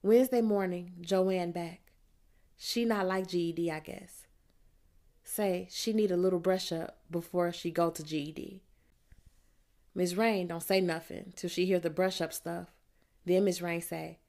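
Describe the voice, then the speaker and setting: Lower-voiced woman reading an audiobook. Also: darkish tone. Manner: plain, measured storytelling in the voice of a teenage girl. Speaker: audiobook narrator. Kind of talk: first-person audiobook narration.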